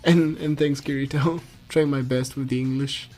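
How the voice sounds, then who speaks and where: A man's voice: mid-range voice, fairly even intonation, moderate pace, a little mellow, faint music behind. A man from France whose first language is French, casting a live card game match in English in a chatty, easygoing way with lots of fillers and restarts. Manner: chatty, laughs easily, many fillers and restarts. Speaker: esports caster. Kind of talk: casual live game commentary.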